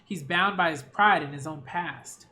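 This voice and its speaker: A male actor voicing a sly, mocking middle-aged mercenary leader in an anime dub, with a calm, drawling, taunting delivery. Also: a little high, unhurried, slight background noise.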